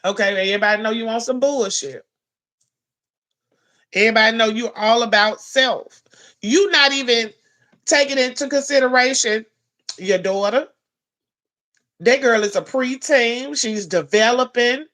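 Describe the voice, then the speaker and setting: A woman delivers a blunt, profane commentary rant. Her voice sits a little high and sounds bright and forceful, and she scolds without letting up. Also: unhurried, pauses often. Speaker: commentary vlogger.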